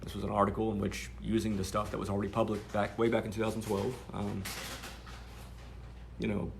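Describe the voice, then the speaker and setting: A man's voice: fairly low pitch, monotone, a little fast, gravelly, slight background noise. A man telling a story to camera in a sardonic, rambling way, with many fillers.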